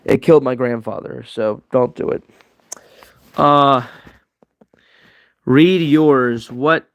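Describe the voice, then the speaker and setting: A man's voice: mid-range voice, takes it slowly. A young man hosting a casual livestream Q&A, rambling and answering chat messages as he goes. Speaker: livestream host.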